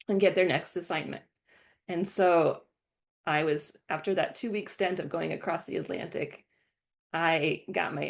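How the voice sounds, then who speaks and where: A woman's voice: on the low side, gravelly. A woman in her twenties from the American Midwest, giving a guest lecture and telling stories from her working life. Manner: storytelling, animated quoting of past self. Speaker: guest speaker. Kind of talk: lecture talk.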